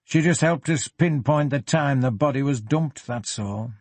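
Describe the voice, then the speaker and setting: A man voicing a gruff older police superintendent with a Yorkshire accent, blunt and unhurried, in an audiobook. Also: medium pitch, a little mellow, no echo, natural voice. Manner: blunt, unhurried, plain-spoken.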